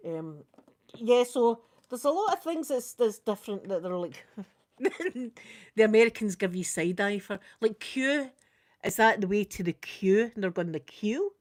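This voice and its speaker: A Scottish woman chatting casually through a makeup ASMR video, quick and soft-spoken with frequent laughter. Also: medium pitch, animated. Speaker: ASMR creator doing makeup.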